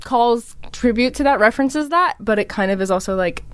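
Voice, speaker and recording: A woman's voice: fairly high pitch, lively intonation, smooth. A young woman co-hosting an internet radio show, bubbly and giggly as she explains things in casual chat. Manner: bubbly, giggly, quick asides. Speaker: radio co-host.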